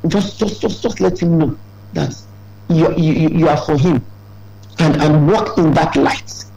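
A man preaching a sermon, emphatic and rising into high exclamations. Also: a little slow, creaky, warm tone, low-quality recording.

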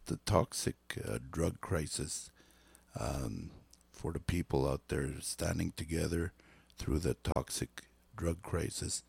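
Hoarse gravelly-voiced man announcing. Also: extremely low pitch, no echo. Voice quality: gravelly and husky. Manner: halting, with many fillers. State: losing his voice. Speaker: community radio announcer. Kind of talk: casual announcements.

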